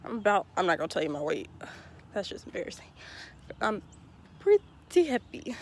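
A woman's voice: medium pitch, big pitch swings, moderate pace, a little hiss or hum. A young woman rambling in a casual, self-deprecating way while filming herself out of breath on a walk through her neighborhood. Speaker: vlogger. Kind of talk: casual walking vlog. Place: outdoors walking around a neighborhood. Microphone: handheld phone at arm's length.

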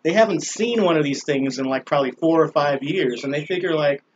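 Guy rambling and cussing on his balcony vlog, kinda high voice, dull lo-fi camera sound with faint hiss. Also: brisk, hardly any pauses. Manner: rambling, profane, laid-back storytelling with many fillers. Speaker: vlogger. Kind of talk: casual profane monologue. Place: small balcony in Thailand. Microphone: camera on a small balcony.

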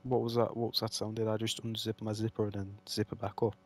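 A man's voice: on the low side, little pitch movement, quick pace, very noisy. A man doing let's play commentary, swearing and ranting at the game in mock fury. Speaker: gamer playing a horror game.

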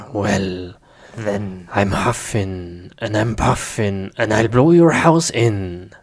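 A man's voice: lowish voice, extremely slow, husky, heavily acted. Man doing a blustering big bad wolf. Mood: menacing. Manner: blustering threats, then whiny begging. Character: big bad male wolf, pushy but cowardly. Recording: noisy amateur recording.

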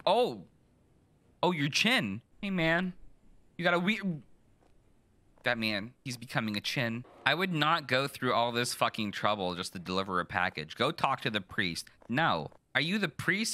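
Bright-voiced young man joking through a game. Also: mid-range voice, very animated, a little slow, dry recording. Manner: joking, profane, loud reactions. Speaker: gaming streamer. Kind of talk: casual let's-play commentary.

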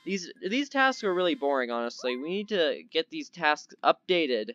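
A young man giving casual, excitable gameplay commentary as a gaming YouTuber, easily startled and chatty, with a slightly odd put-on accent. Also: a little high, normal speed, muffled recording.

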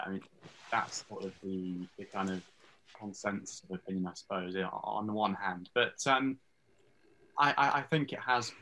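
A man's voice: on the low side, pushed and bright, slight background noise, poor audio. A man speaking as an interview guest, thoughtfully weighing his words in a casual chat. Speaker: online content creator guest.

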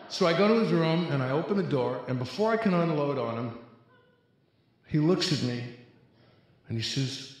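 A man's voice: fairly high pitch, animated, normal speed. A middle-aged man telling a humorous personal testimony at a recovery convention, acting out the quotes as a comic storyteller on a stage mic. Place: large convention hall, live audience. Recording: echoey large hall.

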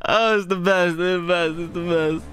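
A man reacting to a cartoon episode, excitable and profane, shouting out his reactions as he watches. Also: high-pitched, moderate pace, soft background music. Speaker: reaction video host. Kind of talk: casual cartoon reaction commentary.

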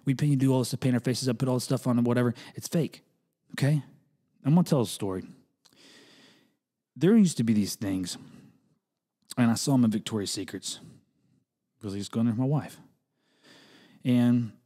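A middle-aged man hosting a comedic solo podcast, talking in an animated way that jumps into high, exaggerated bits and restarts often. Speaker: podcast host.

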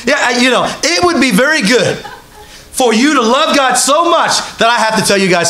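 Male preacher, high voice, conversational sermon delivery, congregation present. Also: animated, moderate pace, pushed and bright. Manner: conversational preaching with repeated rhetorical questions to the congregation. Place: church hall with a congregation.

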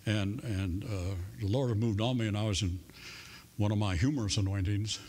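A man preaching a sermon in a church in a folksy, humorous way, with soft music faintly behind him. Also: on the low side, fairly even intonation, moderate pace. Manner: folksy and humorous, playing out voices in stories. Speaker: pastor. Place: church sanctuary.

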